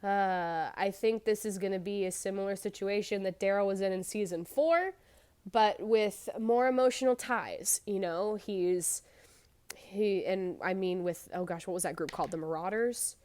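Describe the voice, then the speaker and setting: A young woman talks through a show in casual reaction commentary, her voice sitting at an ordinary middle pitch. She is chatty and thinks out loud, tossing out rhetorical questions and musing as she goes. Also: moderate pace, clear, resonant tone. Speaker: reaction video creator.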